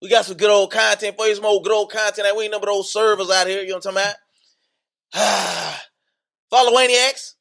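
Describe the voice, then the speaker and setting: A man hosting a podcast in casual chat, slangy and hyped, repeating catchphrases, then slowing into earnest teaching. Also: high voice, steady tone, vocal fry, fairly bright tone. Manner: switches to slower earnest teaching. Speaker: podcast host.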